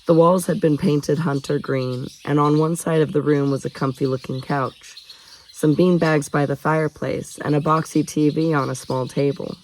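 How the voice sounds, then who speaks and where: A man's voice: on the high side, steady tone, moderate pace, a little hiss or hum, rough recording. A man reading a novel aloud in a casual way, stopping for chatty asides and laughing off his own slips. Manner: chatty asides, jokes about own stumbles. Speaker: audiobook reader.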